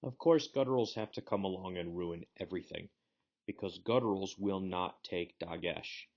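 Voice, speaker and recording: A man's voice: low-pitched, normal speed, dull audio. A man giving a recorded lecture as a Hebrew instructor, explaining grammar rules step by step. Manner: methodical, explanatory teaching.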